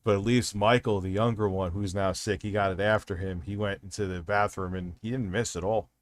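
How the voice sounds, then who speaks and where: A man's voice: on the low side, steady tone, fairly quick, a little hiss or hum. A man hosting a livestream, chatting casually with lots of swearing, rambling and restarting his sentences. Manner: restarts and trails off. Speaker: livestream host.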